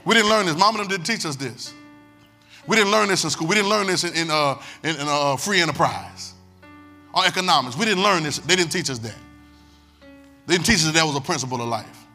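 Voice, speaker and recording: A man preaches in a high, bright voice, repeating phrases and calling on his listeners to pay attention. Quiet music plays faintly behind him. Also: fairly quick. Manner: emphatic, repetitive preaching with call-and-response. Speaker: pastor. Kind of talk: sermon.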